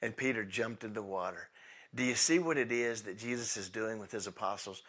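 A man preaching a sermon in a casual, conversational way, swinging between loud bursts and hushed asides as he tells the story. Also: lowish voice, brisk, husky. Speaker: pastor.

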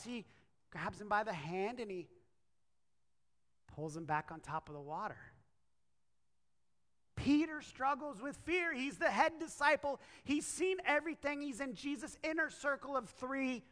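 Bright-voiced woman preacher in an echoing hall. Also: high-pitched, expressive, moderate pace. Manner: storytelling with acted quotes and asides to the listeners. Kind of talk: sermon. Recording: echoey hall.

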